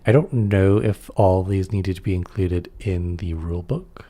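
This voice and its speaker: A man's voice: low voice, steady tone, moderate pace, mellow. A man reading aloud through a tabletop game rulebook and adding casual comments on the rules. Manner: reads rules aloud, then comments offhandedly.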